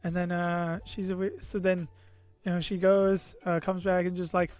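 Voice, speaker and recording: A man's voice: high-pitched, little pitch movement, normal speed, a little mellow. A man telling a personal story on his vlog, tired and a bit loopy, meandering with lots of fillers and self-mocking asides. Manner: meandering, full of "you know" and "uh", self-mocking. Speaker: vlogger. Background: faint background music.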